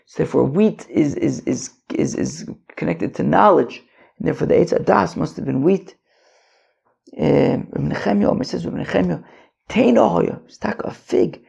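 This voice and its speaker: A hoarse man hosting a casual Talmud study podcast. He reads Hebrew and Aramaic passages and translates them phrase by phrase in everyday speech. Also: a little high, mellow. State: hoarse, struggling voice. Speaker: Talmud teacher, podcast host. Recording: dull lo-fi recording.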